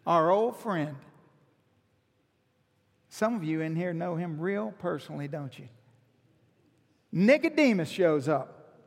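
A high-pitched male pastor delivering an emphatic sermon, stacking repeated phrases to build his points. His voice carries a long reverb, as if filling a large church sanctuary.

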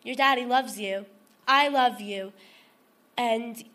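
A woman's voice: on the high side, slow, a bit bright. A woman giving a heartfelt personal testimony to a group, rambling with lots of fillers and restarts. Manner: earnest and emotional. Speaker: testimony speaker.

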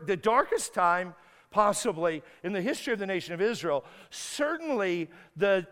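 Male guest preacher, clear resonant voice, high-pitched, emphatic and repetitive, echoing church hall. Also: fairly bright tone. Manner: emphatic, repeats words and restarts, acts out prayers. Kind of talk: sermon. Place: church sanctuary. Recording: long hall reverb.

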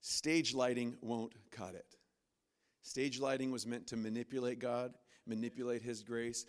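A man preaching a sermon from a church stage, animated and acting out inner voices with sudden loud, high bursts. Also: unhurried. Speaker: pastor.

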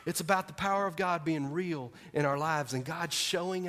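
A man's voice: fairly high pitch, normal speed, hardly any pauses, fairly bright tone. A man preaching a sermon as pastor, telling a personal story with emphasis and speaking straight to the congregation.

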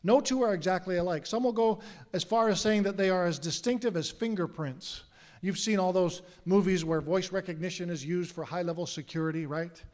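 Earnest pastor preaching in a reverberant hall. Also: male voice, sits high, fairly quick, a little mellow. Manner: earnest, asks the congregation questions. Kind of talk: sermon. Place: church sanctuary.

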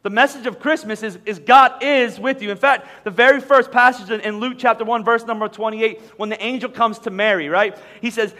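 A man with a notably high voice delivers a sermon in a large church auditorium, and his words ring out with a long hall reverb. He preaches conversationally, often repeating his words as he restarts a thought and dropping humorous asides. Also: brisk, hardly any pauses, pushed and bright. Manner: conversational, frequent word repetitions and humorous asides. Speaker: pastor.

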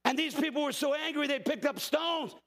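A man in his fifties, a pastor, preaching an impassioned sermon that often rises to shouting. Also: very high-pitched, fairly quick. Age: 50s. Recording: hall reverb.

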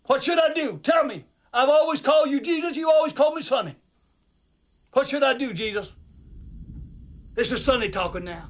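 A desperate preacher crying out to God, his voice pushed very high as he begs and hollers. He sounds raw and wrung out, shifting between pleading and shouting in a film drama scene. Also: lively intonation, moderate pace, pauses often. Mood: anguished. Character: anguished male preacher shouting at God at night.

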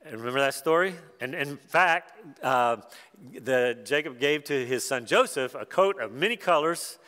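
A man's voice: mid-range voice, expressive, normal speed, sharp tone, long reverb tail. A man preaching a sermon, retelling a Bible story in a conversational, folksy way with asides.

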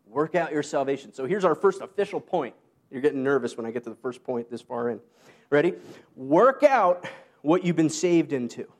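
A man preaching a sermon in a relaxed, conversational way, with joking asides and short laughs. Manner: conversational, self-deprecating asides and quick laughs; rises high when quoting Paul. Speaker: pastor.

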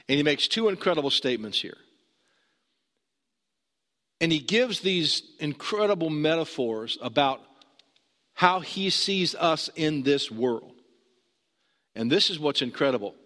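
A man's voice: fairly high pitch, a bit bright. A man preaching a sermon, conversational and emphatic, putting questions to his listeners. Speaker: pastor. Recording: long hall reverb.

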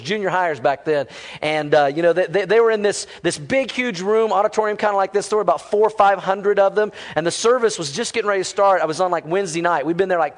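A man preaching a sermon as pastor, telling a funny story and calling on the congregation to respond. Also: high-pitched. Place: large auditorium with long reverb. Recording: reverberant hall sound.

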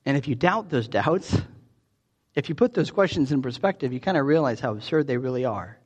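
A man's voice: mid-range voice, expressive, fairly quick, dull audio. A man preaching a sermon in a conversational way, often restarting his phrases. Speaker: pastor.

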